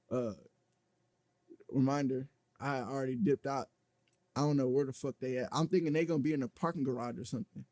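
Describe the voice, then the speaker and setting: A man tells a personal story as an interview guest, talking bluntly and swearing freely as he rambles through it. His voice sits at an ordinary middle pitch, and the sound is dry and close with no room around it. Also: dry recording. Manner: blunt, profane, rambling storytelling with many fillers.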